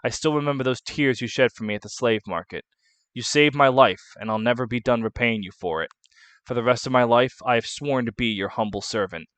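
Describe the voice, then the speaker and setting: A man voicing a devoted young servant, speaking quietly and sincerely. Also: mid-range voice, a little fast, clean tone, dry recording, lightly acted.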